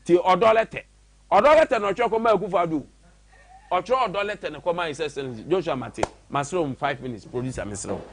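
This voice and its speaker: A man's voice: on the high side, sing-song, fairly quick, no room sound. A man with a Ghanaian accent hosting a radio show, reading a letter aloud and interjecting with mocking commentary. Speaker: radio host. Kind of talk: commentary mixing English and Twi. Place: radio studio.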